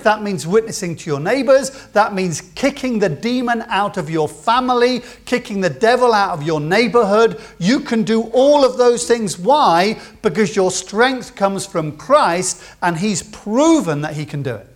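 Guy preaching in church, kinda high voice, gets loud then goes quiet. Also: expressive, moderate pace. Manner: impassioned, swings between loud emphasis and quiet asides. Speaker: pastor. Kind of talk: sermon.

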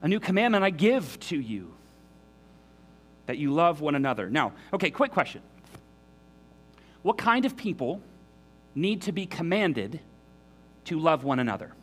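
A man's voice: fairly high pitch, big pitch swings, measured pace, pauses often, a bit bright. A man preaching a sermon in an earnest, emphatic way, often restarting his sentences. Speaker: pastor.

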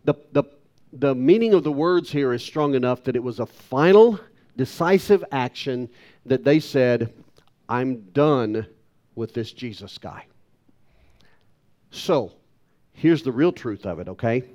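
Man, pastor, sermon, emphatic, rhetorical questions, mid-pitched voice. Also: expressive, normal speed, mellow, highs cut off.

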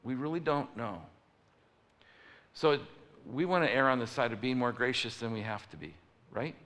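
A man's voice: mid-range voice, normal speed, fairly bright tone. A man preaching a sermon, telling stories and acting out the people in them. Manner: storytelling preacher, acts out voices. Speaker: pastor. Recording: long reverb of a large hall.

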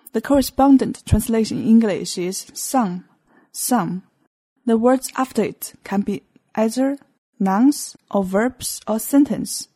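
Woman language teacher, slow patient delivery, mellow tone, slightly breathy. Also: fairly high pitch. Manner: slow, patient explaining, switching between English and Mandarin examples. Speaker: Mandarin teacher. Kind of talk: podcast language lesson.

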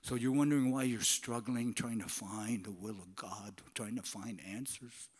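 A male pastor preaching a sermon in a church, animated and conversational, swinging between loud and whispered passages. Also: lowish voice, moderate pace, breathy edge. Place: church sanctuary. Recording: long church reverb.

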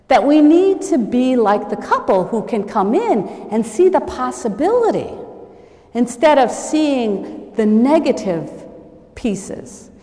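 A woman's voice: fairly high pitch, sing-song, takes it slowly, dark tone. A woman giving a sermon in a church, telling a story and lightly acting out the people she quotes. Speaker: preacher. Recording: long reverb of a large hall.

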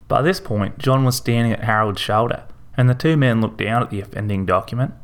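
A man narrates a story at a mid pitch. His delivery is measured and vivid. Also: vocal fry.

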